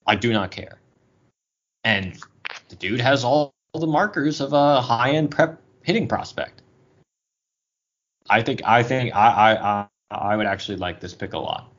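A man co-hosting a casual sports podcast, opinionated and animated, often restarting his sentences. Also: mid-range voice, unhurried, long pauses. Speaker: podcast co-host. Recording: dull lo-fi audio over bad Wi-Fi.

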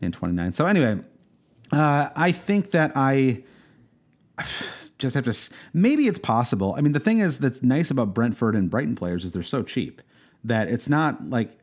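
A man's voice: mid-range voice, big pitch swings, normal speed. A man co-hosting a podcast in casual chat, rambling and hesitant, with many fillers and restarts. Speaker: podcast co-host.

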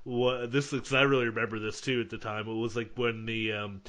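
A man's voice: medium pitch, level tone, brisk, pushed and bright. A man co-hosting a podcast, rambling and laughing as he recalls old sketches. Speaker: podcast co-host. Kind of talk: casual chat.

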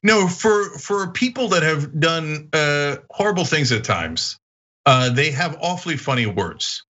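A man who grew up in Istanbul, hosting a podcast in casual chat and telling stories with excitement. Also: a little high, unhurried, muffled recording. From Istanbul, Turkey. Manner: animated storyteller, voice jumps up when excited. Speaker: podcast host.

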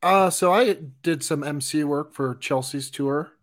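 A man co-hosting a podcast, talking in a relaxed, casual way. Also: fairly high pitch, a little slow. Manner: relaxed, reacts with laughs and short replies. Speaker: podcast co-host. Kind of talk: casual chat.

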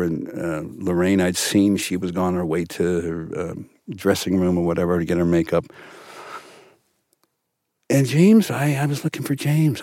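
An older man, an actor guest in a studio podcast interview, telling stories in an animated way with many restarts. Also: low-pitched, dry recording. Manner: animated storyteller, frequent restarts.

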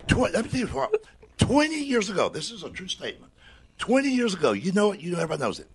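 A man's voice: high voice, fast, breathy edge. An older man telling wry comic stories as a guest on a radio talk show, drawling and grumbling. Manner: drawling, wry, grumbling, lively with mock voices. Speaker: comedian guest. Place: radio studio.

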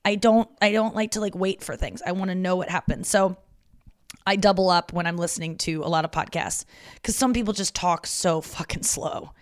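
A woman comedian in her thirties talking in a quick, profane solo podcast monologue, with many restarts and asides. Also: on the low side, dry recording, studio quality.

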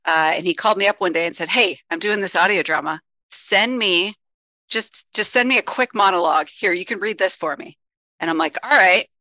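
Woman, cast guest, wry storyteller, bright voice, dry close sound. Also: lowish voice, fairly quick, no echo. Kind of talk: casual storytelling.

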